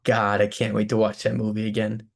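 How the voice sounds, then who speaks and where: A man's voice: on the low side, monotone, brisk, gravelly. A young man co-hosting a podcast over a remote call, chatting casually and teasing playfully. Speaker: podcast co-host. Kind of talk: casual chat.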